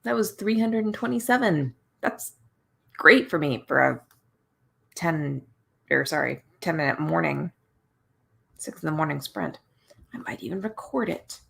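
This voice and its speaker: Sleepy lady chatting on her morning stream, low voice, super creaky, rambly, keeps restarting. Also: animated, measured pace, long pauses. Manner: chatty, rambling, with frequent restarts and soft laughs. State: tired and yawning. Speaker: livestream host running writing sprints. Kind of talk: casual live stream chat.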